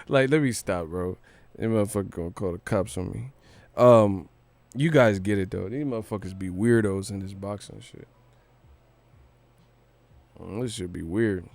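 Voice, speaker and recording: A man's voice: fairly low pitch, normal speed, vocal fry, long pauses, darkish tone, dry recording. A young man hosting a boxing livestream, ranting casually with lots of profanity and joking. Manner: profane, joking, breaks into laughter and sing-song rhymes.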